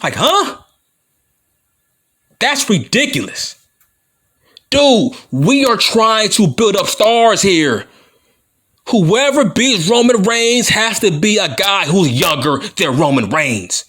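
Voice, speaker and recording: Guy from compton, mushy slurred talk, kinda high voice, drawls slow and trash-talks like a wrestling heel. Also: very animated, fairly bright tone, husky. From Compton, California. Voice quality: slurred, mushy speech with stutters. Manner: taunting, combative, swearing often. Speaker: wrestling vlogger. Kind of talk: profane heel-style wrestling promo rant.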